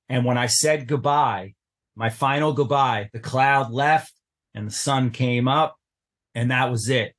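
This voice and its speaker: A man's voice: mid-range voice, a bit bright. Earnest middle-aged man telling his story. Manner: earnest, intense retelling with acted-out quotes. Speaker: podcast guest. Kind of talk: personal storytelling in an interview.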